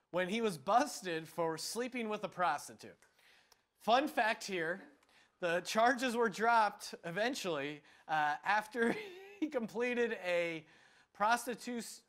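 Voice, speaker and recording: Bright, high-voiced comedic talk show host. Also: male voice. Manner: jokey, quick, laughing quiz-master delivery. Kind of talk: comedic late-night sports talk show. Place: studio.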